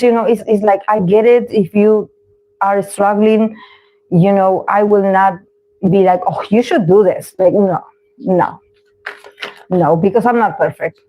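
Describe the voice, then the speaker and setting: Frank female tarot host, unhurried reflective musing, mellow tone. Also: medium pitch, no room sound, rough recording. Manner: frank, reflective, searching for words. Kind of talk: casual livestream monologue.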